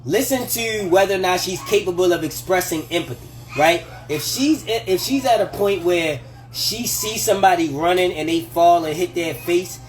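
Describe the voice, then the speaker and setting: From a home kitchen, a high-voiced man livestreams relationship advice at a moderate pace, a little hiss or hum audible. He talks casually and animatedly, curses, laughs often, and voices the people he's quoting.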